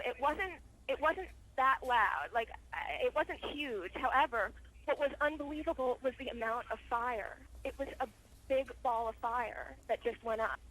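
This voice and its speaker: A shaken, stuttering woman gives an eyewitness account over a phone line. Her voice is bright and tense, a little high for a woman, and she keeps breaking off and starting again. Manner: halting, with many restarts. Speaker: eyewitness caller.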